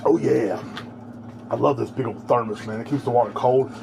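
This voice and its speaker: A man's voice: medium pitch, fairly even intonation, normal speed, gravelly, noisy background. A man hosting a podcast, ranting alone in a heated, rambling, profane way. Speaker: podcast host. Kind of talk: casual ranting monologue.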